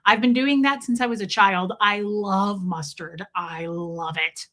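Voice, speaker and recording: A woman streamer telling a casual story, animated and exasperated, swearing freely with comic asides. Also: mid-range voice, unhurried.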